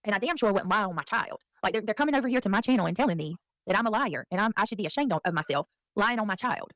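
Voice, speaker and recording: A woman's voice: mid-range voice, animated, racing, fairly bright tone, no room sound, low-quality recording. A woman, speaking defensively and exasperated as she explains herself to her viewers. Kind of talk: played clip of a defensive rant.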